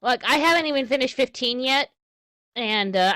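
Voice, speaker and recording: A woman's voice: medium pitch, normal speed, pushed and bright, clear, resonant tone, dry recording. A woman co-hosting a casual podcast, chatting and reading news aloud with small restarts. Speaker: podcast co-host.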